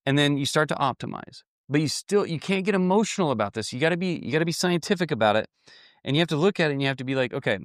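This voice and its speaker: A man's voice: medium pitch, no room sound. Blunt male business coach, folksy, repetitive delivery, dry room. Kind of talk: motivational talk to camera.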